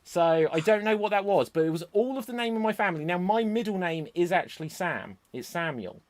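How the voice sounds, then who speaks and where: A man hosts a live improv comedy stream, chatty and brisk with a self-deprecating streak. His voice sits a touch high for a man. It comes through a video call. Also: lively intonation.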